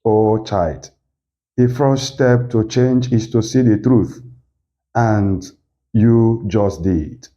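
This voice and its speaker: A man voicing a kind female maid who speaks gently and patiently. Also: fairly low pitch, takes it slowly, highs cut off. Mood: gentle.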